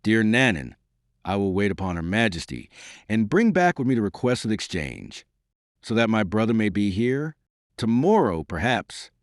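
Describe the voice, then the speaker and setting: A man voicing a vain, excitable duke who protests in a flustered way in an audiobook reading. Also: on the low side, moderate pace, no echo, studio quality. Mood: pleased.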